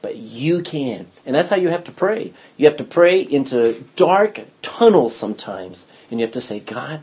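This Bible teacher speaks at normal speed in a medium-pitched voice that's very animated, darkish, and husky. He reads scripture aloud and explains it with emphatic repetition of key words and questions to the class.

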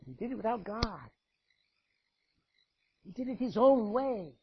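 A man preaching a sermon, dramatic and swinging from loud to hushed as he tells the scripture story. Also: high voice, lively intonation, a little slow, highs cut off, slight background noise.

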